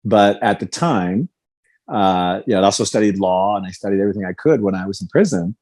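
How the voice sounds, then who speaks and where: A man's voice: on the low side, a little fast, darkish tone. A man in his fifties, a guest in a podcast interview, telling his story candidly and animatedly, acting out quoted lines. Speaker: guest, former fighter.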